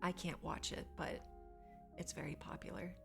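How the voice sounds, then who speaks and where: A young woman with a lowish voice and a gravelly edge, chatting casually with her live chat. She talks easily and turns squeamish at gross topics, with faint music in the background. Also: normal speed. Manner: chatty, reads and answers chat, squeamish asides. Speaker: streamer.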